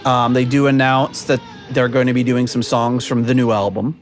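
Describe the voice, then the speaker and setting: A man's voice: mid-range voice, little pitch movement, moderate pace, faint music behind, some chatter behind. A man hosting a podcast in casual chat over a video call, rambling with lots of fillers and frequent laughs. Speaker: podcast host.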